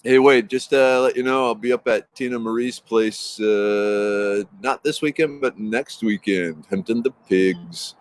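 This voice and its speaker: A man's voice: lowish voice, measured pace, few pauses. A man hosting a casual morning livestream from his backyard, greeting viewers by name in an upbeat, rambling way. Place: outdoors in a backyard. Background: traffic noise.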